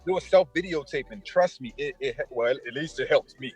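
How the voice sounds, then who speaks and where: A man co-hosting a talk show, speaking earnestly and then joking loudly. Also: mid-range voice, brisk, husky, faint music behind. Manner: earnest, then jokey and loud. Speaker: co-host. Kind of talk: casual chat.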